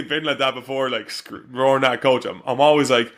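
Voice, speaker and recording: A man's voice: medium pitch, steady tone, fairly quick, hardly any pauses. A man in his thirties, a rugby player being interviewed, telling frank stories with swearing and laughs. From Ireland. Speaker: professional rugby player, guest. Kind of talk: casual interview chat.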